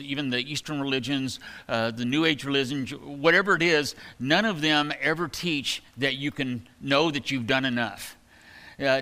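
A man preaching a sermon in a relaxed, conversational way, with plenty of fillers. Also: medium pitch. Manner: conversational, folksy, many fillers. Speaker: pastor. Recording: long hall reverb.

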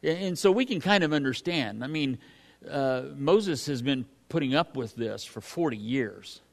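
A man's voice: mid-range voice, animated, normal speed, gravelly. A man teaching from the Bible in a folksy, conversational sermon, reading scripture and then commenting on it with frequent fillers and restarts. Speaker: pastor.

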